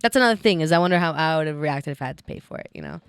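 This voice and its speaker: A woman's voice: low voice, expressive, rapid-fire. A woman co-hosting a podcast, telling a story in casual chat, rambling with lots of filler words and swearing. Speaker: podcast co-host.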